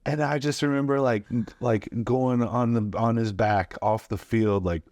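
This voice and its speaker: A man's voice: medium pitch, normal speed, no room sound, clean studio sound. A man in his forties, a comedian guest, telling stories animatedly and acting out the quotes, with plenty of fillers. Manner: animated anecdotes, acts out quotes, lots of fillers. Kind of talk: storytelling interview.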